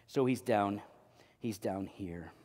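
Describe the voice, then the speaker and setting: A man preaching a sermon as pastor, with dynamic delivery that swings between loud emphasis and quiet low drops. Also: takes it slowly, big-room sound. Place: church sanctuary.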